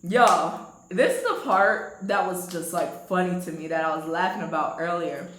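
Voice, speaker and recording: A young woman casually telling a storytime to her viewers, animated and laughing often. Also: normal speed, reverberant, slight background noise, rough recording. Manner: animated, laughs often, swoops high when excited.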